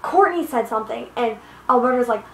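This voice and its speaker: Teen girl, high-pitched, swearing and exasperated, recorded in an echoey room. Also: lively intonation, brisk, gravelly. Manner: profane, exasperated, rambling. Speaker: vlogger. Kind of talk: angry personal rant. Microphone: iPod built-in mic.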